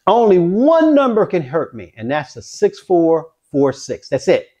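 A man vlogging his craps practice, talking viewers through each throw with excitement. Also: fairly high pitch, unhurried, a little hiss or hum. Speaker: dice-control craps vlogger. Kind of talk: casual play-by-play while throwing dice.

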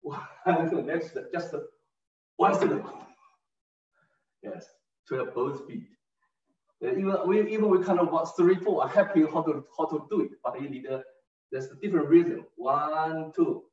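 Slow-counting tai chi teacher, man. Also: on the high side, darkish tone. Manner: counts beats aloud, short broken phrases. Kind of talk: step-by-step movement instruction. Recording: distant roomy lo-fi recording.

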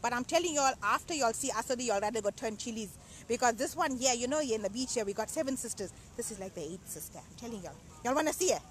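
Comic matriarch host, aunty voiced by a woman; high, animated, rapid, always scolding. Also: slight background noise, natural voice. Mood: bossy, teasing. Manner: chatty, teasing, scolding. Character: loud bossy middle-aged aunty matriarch. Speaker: show host. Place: outdoors at a beach.

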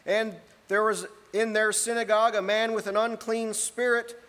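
A man preaching an earnest sermon, reading scripture aloud and often clearing his throat. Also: high voice, fairly even intonation, a little fast, a bit bright. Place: church hall. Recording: long hall reverb.

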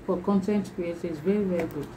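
A woman's voice: on the low side, brisk, mellow, a little hiss or hum, poor audio. A woman vlogger unboxing a new laptop, gushing and repeating her exclamations again and again, laughing between lines. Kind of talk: excited unboxing vlog.

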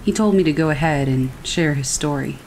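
A woman narrating horror stories in a calm, steady way, as a scripted reading. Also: deep voice, fairly quick, a little hiss or hum, poor audio. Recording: faint rain behind the voice. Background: rain falling.

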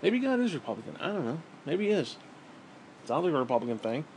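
Man venting bitterly, swears a lot, rambling, voice swings up and down, slightly raised pitch, faint hiss behind. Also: sing-song, fast, a little mellow. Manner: bitter, profane, rambling with restarts. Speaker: vlogger. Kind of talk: venting monologue to camera.

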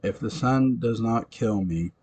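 A man's voice: mid-range voice, unhurried, dark tone, slightly rough. A man reading as a snarling, jealous vampire. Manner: snarling, menacing. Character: jealous, enraged male vampire lover. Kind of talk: amateur audiobook reading.

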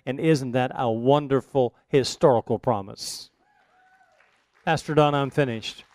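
Male bible teacher, sermon, emphatic, smooth resonant voice, dry sound. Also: medium pitch, measured pace, darkish tone, dry recording. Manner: emphatic, rises for scripture quotes.

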